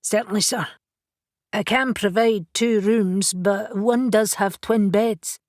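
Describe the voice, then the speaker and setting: A woman's voice: mid-range voice, fairly even intonation, slow, darkish tone, no room sound, clean studio sound, pitched above the performer's own voice, natural voice. A woman voicing a nervous young male hotel receptionist with a thick Scottish accent, polite and anxious. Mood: nervously polite.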